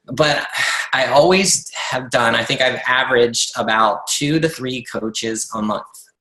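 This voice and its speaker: A man with a bright, forceful voice gives a motivational talk to his coaching team. He speaks earnestly and conversationally, with frequent fillers and restarts. The sound is roomy and echoey. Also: medium pitch, measured pace. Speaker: network marketing coach leading a team call.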